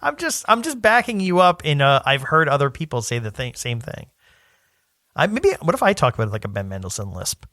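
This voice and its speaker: A man co-hosting a podcast in casual chat, rambling through stumbles and restarts, laughing often and dropping into quick put-on voices. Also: fairly high pitch, big pitch swings, pushed and bright, dry recording, studio quality. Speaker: podcast co-host.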